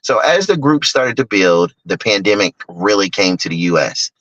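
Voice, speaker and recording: A man speaking as a guest, telling a personal story in an animated way and acting out other people's lines. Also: fairly low pitch, moderate pace, no room sound, muffled recording. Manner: animated storyteller who acts out other people's lines in sharply raised voices. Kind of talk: personal storytelling on a talk stage.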